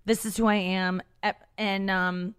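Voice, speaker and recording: A woman's voice: mid-range voice, little pitch movement, measured pace, smooth. A woman talking candidly as a comedian guest in a podcast conversation, frank and self-deprecating, rambling with many restarts.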